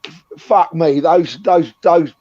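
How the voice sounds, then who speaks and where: Blunt bloke, swears freely, high-pitched, muffled dry lo-fi audio. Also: male voice, slow pace, a crowd in the background. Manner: blunt, swearing, threatening when riled. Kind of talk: sweary casual livestream chat. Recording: dry, dull lo-fi sound.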